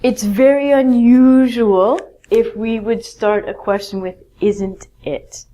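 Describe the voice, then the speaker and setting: A woman's voice: fairly high pitch, fairly even intonation, a little slow, warm tone, muffled recording. A woman teaching an English grammar lesson, speaking patiently and encouragingly. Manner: patient, encouraging, stretches out words. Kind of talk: slow, clear grammar lesson.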